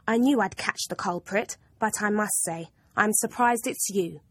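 A woman's voice: medium pitch, a little slow, slightly rough, no room sound. A woman voicing a stern, smug female maths teacher who speaks in a cold, accusing, clipped way.

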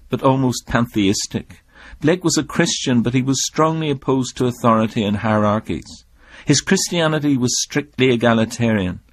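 Male documentary narrator for poetry commentary, mid-range voice, measured pace, dry close sound. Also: medium pitch, no room sound. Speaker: literary commentator.

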